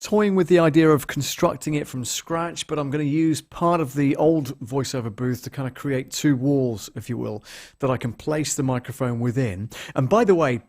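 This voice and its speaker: A man's voice: medium pitch, moderate pace, a little mellow. A man hosting a casual live stream from a bare apartment lounge, chatty and rambling, greeting viewers by name with lots of ums. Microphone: large studio microphone, moved around at times.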